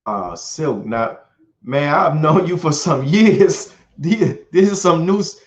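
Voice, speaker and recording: A man's voice: a little high, lively intonation, takes it slowly. A man hosting an interview who stammers a little and calls his guest "brother" as he asks questions. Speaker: host.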